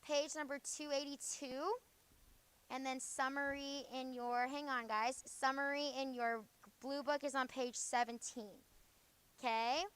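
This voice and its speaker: A woman teaching a junior high grammar review in a classroom, firing quick questions at the class and ending points with "okay?". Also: steady tone, fairly bright tone, smooth, poor audio.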